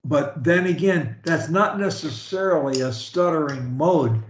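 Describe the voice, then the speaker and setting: A man's voice: fairly high pitch, a little slow, roomy sound, a little hiss or hum. A male speech coach on a call, encouraging and emphatic.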